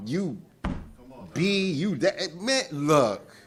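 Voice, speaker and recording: A man's voice: on the high side, very slow. A man leading a relationship class in a casual lecture style, laughing often, acting out quarrels and asking the room if he's right. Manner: animated, laughing, acts out quarrels; asks the room for agreement.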